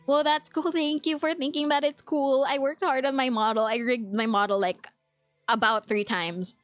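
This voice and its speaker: A chatty young woman with a Filipino accent, talking casually to her live chat and laughing often. Her voice sits a little high. The sound is dry and close, with faint music playing behind her. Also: steady tone, no room sound. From Philippines. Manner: chatty, quick to laugh, reads chat aloud. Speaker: VTuber streamer.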